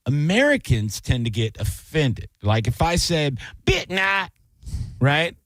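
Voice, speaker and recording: A man's voice: medium pitch, sing-song, unhurried, dry recording. A man hosting a radio show, rambling and joking in casual banter with plenty of fillers. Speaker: radio host.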